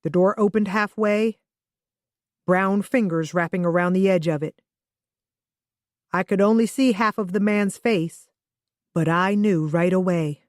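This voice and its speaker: A woman reading a first-person thriller audiobook in a steady, even manner. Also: medium pitch, measured pace, long pauses, dry recording, studio quality. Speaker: audiobook narrator.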